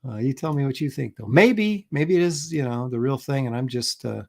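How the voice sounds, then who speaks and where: A middle-aged man hosts a laid-back livestream, chuckling and rambling as he reacts to clips and reads out viewer comments. His voice has a gravelly, fry-laden edge at an ordinary pitch. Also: lively intonation, normal speed, darkish tone. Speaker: livestream host. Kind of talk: casual livestream chat.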